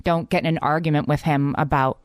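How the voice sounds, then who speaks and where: A woman's voice: low voice, fairly even intonation, fairly quick, dry recording, clean studio sound. A woman in her forties co-hosting a casual parenting podcast, telling candid, self-deprecating stories about her kids. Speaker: podcast co-host.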